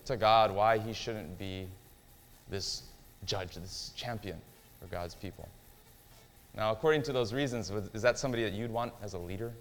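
A man's voice: mid-range voice, fairly bright tone. A man teaching a Bible lesson in a casual, conversational way, often quizzing his listeners with questions. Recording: long hall reverb.

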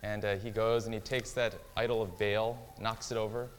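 A man's voice: fairly low pitch, little pitch movement, normal speed, slight background noise. A man teaching a Bible lesson in a casual, conversational way, often quizzing his listeners with questions. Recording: long hall reverb.

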